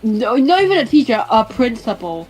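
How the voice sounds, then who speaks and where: A woman's voice: on the high side, big pitch swings, normal speed, darkish tone, faint music behind, poor audio. A young woman co-hosting a casual chat, cutting in with blunt, sarcastic remarks.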